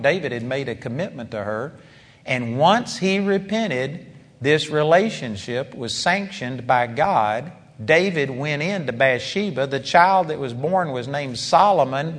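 A man's voice: a little high, animated, a little slow, a bit bright, big-room sound. A man preaching a sermon, retelling a story with emphatic rises and asides.

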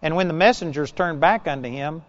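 A man preaching a sermon, reading scripture aloud and retelling it in a relaxed, conversational storytelling way with small asides. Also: on the high side, a little fast, long reverb tail, lo-fi sound.

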